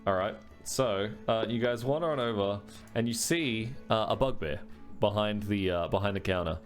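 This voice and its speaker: A man's voice: fairly low pitch, normal speed. A man narrating a tabletop game as dungeon master. He talks loosely and chattily, full of fillers and restarts. Faint music plays underneath.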